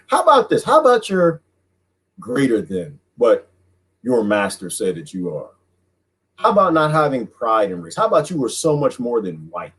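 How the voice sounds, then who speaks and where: Husky man ranting on a livestream. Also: mid-range voice, rough recording. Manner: animated, laughing, mocking voices. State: losing his voice. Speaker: livestream host reading viewer comments. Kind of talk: casual livestream monologue.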